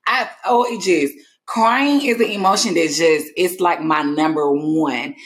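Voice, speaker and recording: Low-voiced woman in laughing podcast chat. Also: takes it slowly. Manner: expressive and laughing, addresses listeners as y'all. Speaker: podcast co-host. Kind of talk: casual chat.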